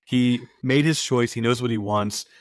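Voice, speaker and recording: A man's voice: mid-range voice, normal speed, clear, resonant tone, no echo, studio quality. A man hosting a podcast, talking casually and retelling film scenes, reading out quoted lines. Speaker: podcast host.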